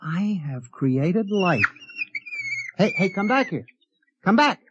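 An actor playing a hapless young lawyer who hesitates and gets flustered, in a muffled vintage radio drama recording. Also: male voice, on the high side, lively intonation, unhurried, heavy background noise. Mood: excited. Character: hapless young male lawyer, nervous and eager. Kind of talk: 1950s radio drama acting.

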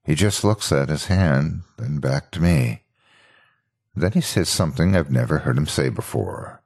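A man reading a first-person horror story aloud as narrator, in a measured, dramatic way. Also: a bass voice, animated, vocal fry, darkish tone, slightly rough.

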